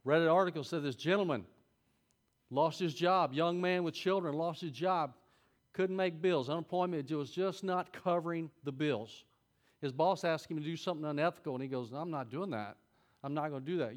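Folksy middle-aged man preaching. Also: on the high side. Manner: folksy, conversational preaching with sudden loud peaks. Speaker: Sunday school teacher. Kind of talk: sermon.

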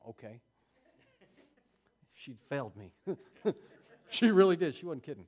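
A man's voice: a little high, very animated, measured pace, a little mellow. A man preaching a sermon, reading scripture aloud and adding folksy, chuckling asides to his congregation.

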